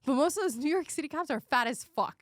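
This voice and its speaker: Animated, swearing young woman co-host. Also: high-pitched, fast talker, no room sound, studio quality. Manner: animated, swearing, laughing storyteller. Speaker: podcast co-host. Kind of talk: casual chat.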